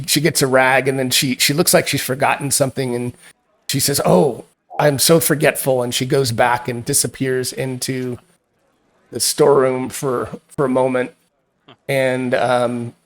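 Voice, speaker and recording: A man running a tabletop game as game master, narrating with many fillers and restarts. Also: medium pitch.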